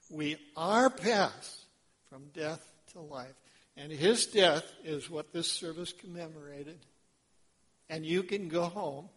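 A man with a voice on the high side preaches a sermon as pastor. His delivery is slow and dramatic, swinging between hushed lines and loud ones.

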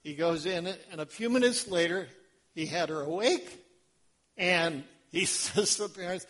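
A man preaching from the pulpit in a fairly high voice, unhurried and deliberate. He tells the story with animation, acting out the voices in it and throwing questions to the congregation. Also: animated, fairly bright tone. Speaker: pastor. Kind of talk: sermon.

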